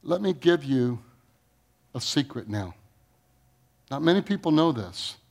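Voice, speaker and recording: A man preaching a sermon. He reads scripture aloud, asks the congregation questions, and swings from booming rises to low, quiet lines. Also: sing-song, unhurried, creaky. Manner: preaching with sudden rises in pitch and volume, then dropping low. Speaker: pastor.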